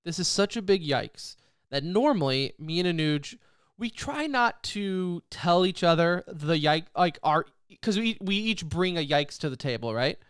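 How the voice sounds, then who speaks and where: A man co-hosting a casual esports podcast, talking in an animated, rambling way and laughing often. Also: a little high, a little slow, clean tone, dry recording, studio quality. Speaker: podcast co-host.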